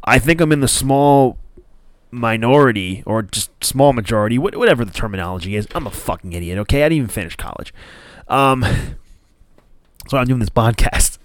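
A man's voice: medium pitch, normal speed, dry recording. Man, podcast host, casual rant, swears a lot, rambles, dry close sound. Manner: profane, rambling, animated. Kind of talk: casual ranting commentary.

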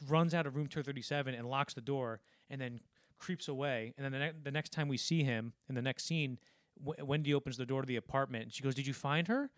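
Male podcast co-host, middle pitch, dry close sound, rambling scene-by-scene recaps. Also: fairly bright tone, smooth, no echo. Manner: rambling, acts out film lines in quick impressions. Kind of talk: casual film discussion.

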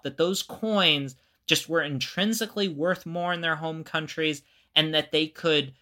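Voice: mid-range voice, bright, forceful tone. A podcast co-host explaining at length in casual chat, often restarting and circling back.

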